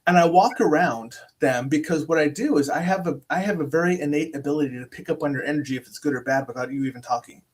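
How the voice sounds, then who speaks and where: A man chatting casually as a guest over a video call, telling rambling, animated stories with many restarts. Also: fairly high pitch, fast talker, few pauses. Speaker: podcast host appearing as guest. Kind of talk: casual chat.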